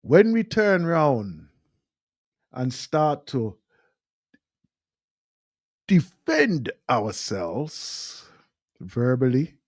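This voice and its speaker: A man's voice: medium pitch, huge pitch swings, very slow, pauses often, no echo, studio quality. Emphatic male talk radio host. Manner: emphatic, repeats phrases for stress. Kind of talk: impassioned talk radio monologue.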